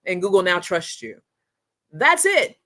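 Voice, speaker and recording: A woman hosting a casual live-streamed training, talking straight to viewers in a chatty, energetic, slangy way through a computer mic. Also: fairly low pitch, measured pace. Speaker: course instructor and livestream host.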